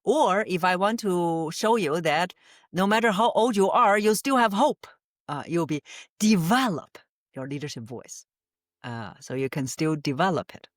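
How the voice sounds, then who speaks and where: A woman's voice: lowish voice, expressive, normal speed, no echo, clean studio sound. A woman voice coach answering interview questions, explaining with frequent "uh" fillers and light laughs. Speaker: voice coach guest.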